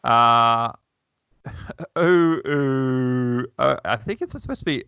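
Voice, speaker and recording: A man's voice: mid-range voice, big pitch swings, slow, gravelly, sharp tone, clean tone, no echo. A man hosting a podcast, reading a comic aloud in casual chat, wry and chuckling, with plenty of fillers. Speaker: podcast host. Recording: dull lo-fi, dry.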